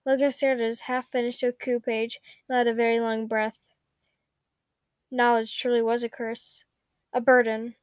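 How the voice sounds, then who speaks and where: A woman reads a story aloud in a high voice, at a steady pace with small slips she corrects as she goes. The sound is dry and close, with no room echo. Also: normal speed, clean tone. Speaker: fanfiction reader.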